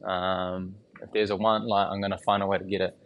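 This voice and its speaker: A man's voice: low-pitched, level tone, a little fast, dull audio. Candid young man rambling on a podcast. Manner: loose and candid, swears often, laughs between thoughts. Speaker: solo podcaster. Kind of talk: casual rambling storytelling. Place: small home podcast studio.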